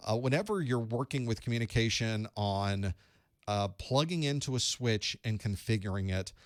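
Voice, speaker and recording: A man's voice: medium pitch, no room sound, studio quality. A man giving a live study-group lesson, explaining casually with fillers and asides to his chat. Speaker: online course instructor.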